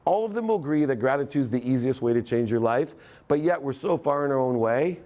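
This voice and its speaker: A man's voice: medium pitch, animated, quick pace, mellow. A middle-aged man giving a live motivational talk, storytelling and acting out the voices in his story. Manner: storytelling, acts out quoted dialogue. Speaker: motivational speaker.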